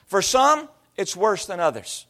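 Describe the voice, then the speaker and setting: Male pastor, 30s-40s, high-pitched voice; conversational sermon full of anecdotes and mimicry. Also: very animated, measured pace, sharp tone. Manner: storytelling, slipping into imitated voices and accents.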